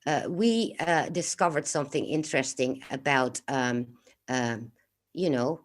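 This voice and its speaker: A woman's voice: very deep voice, a little slow. A woman chatting playfully on a video call, joking around. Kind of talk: casual video-call chat.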